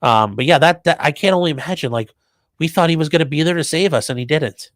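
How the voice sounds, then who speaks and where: A man talks fast with a higher-than-average pitch, no echo present. He's a casual streamer reading chat and making crude, offhand jokes about the news.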